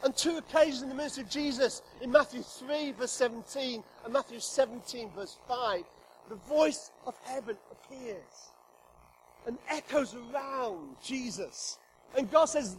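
A middle-aged man preaching in a church hall, his voice unusually high for a man. He jokes with the congregation and swings between loud emphatic declarations and soft whispers. A faint hum of room noise sits behind him. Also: normal speed. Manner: humorous, emphatic, acts out God's voice. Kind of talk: sermon.

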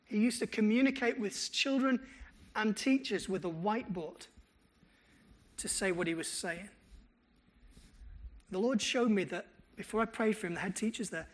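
A man's voice: sits high, moderate pace, pauses often. A male pastor, preaching a sermon and telling stories with quoted dialogue. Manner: animated storytelling with quoted dialogue.

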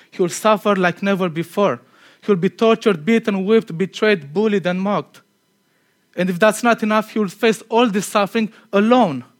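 A man preaching a conversational sermon. He is earnest and chatty, laughs at himself, and drops to a quiet tone for emphasis. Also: high voice.

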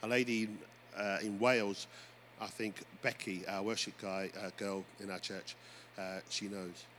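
A man preaching a sermon as pastor, telling stories with lively energy and calling out to the congregation. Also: lowish voice, moderate pace. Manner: animated storytelling preacher, often addressing "folks". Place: church. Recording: faint background noise.

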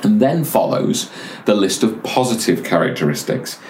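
A man preaching a sermon as pastor, earnest and measured, telling stories with careful pauses. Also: lowish voice, expressive, darkish tone, reverberant, a little hiss or hum.

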